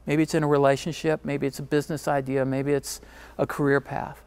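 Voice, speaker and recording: A middle-aged male keynote speaker tells a personal story to an audience. He pushes his points emphatically, then drops low and quiet, in a voice sitting slightly high for a man. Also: little pitch movement, a little fast, clear, resonant tone. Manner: emphatic, swings from driving to hushed.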